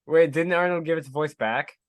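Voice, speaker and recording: A man's voice: on the high side, normal speed, dry recording. A man playing in a tabletop game session, joking loosely, laughing and swearing as he plays. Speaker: player. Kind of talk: casual tabletop game play.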